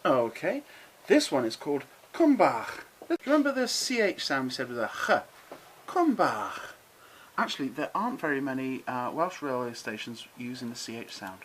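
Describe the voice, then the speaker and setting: Middle-aged guy explaining stuff casually, chatty and encouraging, lots of pitch movement, bit of faint hiss. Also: sing-song, fairly bright tone, low-quality recording. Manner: chatty, encouraging, drawn-out careful pronunciations. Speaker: model railway channel host.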